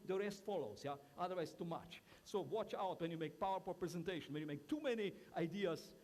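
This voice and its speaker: A man giving a lively conference talk in broken English, emphatic and playful, acting out little asides between violin demonstrations. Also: high-pitched, a little fast. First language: Slovenian. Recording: echoey hall, violin music between phrases.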